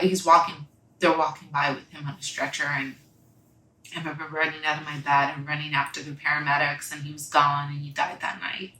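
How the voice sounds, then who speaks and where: A young woman telling a personal story in a halting, reflective way, often pausing with "like" and "you know.". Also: lowish voice, pushed and bright. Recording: echoey room.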